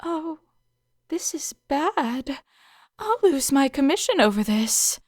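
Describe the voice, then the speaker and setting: A woman's voice: sits high, big pitch swings, takes it slowly, no room sound, studio quality, pitched above the performer's own voice, heavily acted. A woman reading an audio story, voicing a pushy, flustered alien woman who sells land on Mars, with chatty, overly earnest sales patter. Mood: panicked.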